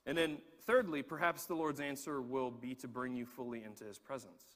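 A man preaching a sermon, telling a personal story in an animated way and repeating words as he gets going. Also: medium pitch, fairly quick, long reverb tail. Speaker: pastor.

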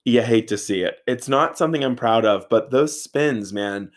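A man in his thirties telling a casual, animated story, swearing freely and saying "like" a lot. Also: mid-range voice, moderate pace. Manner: animated, profane, filler-heavy with frequent "like".

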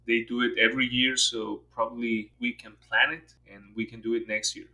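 Bright-voiced male podcast host. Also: mid-range voice, flat delivery, brisk, vocal fry, hardly any pauses, rough recording. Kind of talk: casual interview.

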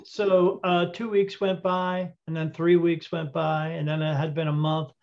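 A man telling a story as an interview guest, animated and acting out the dialogue, with frequent fillers. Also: on the high side, unhurried, gravelly. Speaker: interview guest, intuitive reader. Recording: dull lo-fi audio.

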